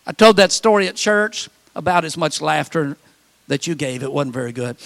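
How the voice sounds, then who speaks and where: A middle-aged male pastor preaching a sermon, telling stories and acting out quotes with dramatic pauses. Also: on the high side, expressive, creaky, a bit bright.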